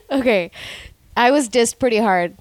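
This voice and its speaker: A woman, co-hosting a podcast and telling stories in casual, profane, animated chat. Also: a little high, slow, no echo. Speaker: podcast co-host.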